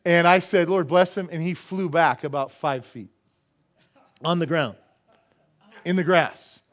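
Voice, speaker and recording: A male pastor preaching a sermon in a church, telling a story with animated, laughing delivery. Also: a little high, measured pace.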